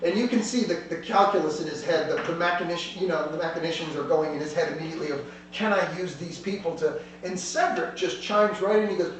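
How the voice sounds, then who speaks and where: A man running a tabletop game with a fairly high voice, rambling and circling back mid-sentence. The mic is far away in a very echoey room, and a faint hum runs underneath. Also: fast, few pauses. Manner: rambling, loose, many restarts. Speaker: game master.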